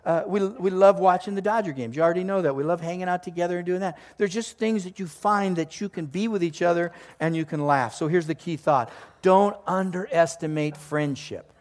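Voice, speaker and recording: An older male pastor preaches a sermon in a large hall, his voice high-pitched, fairly quick, and a little mellow. He tells stories in a conversational, joking way before a live congregation.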